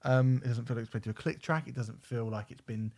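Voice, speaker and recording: A man's voice: mid-range voice, fairly even intonation, fast talker, gravelly, a little mellow. Rambling man on a podcast. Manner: rambling, searching for words, swears casually. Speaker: podcast co-host. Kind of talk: casual chat about music albums.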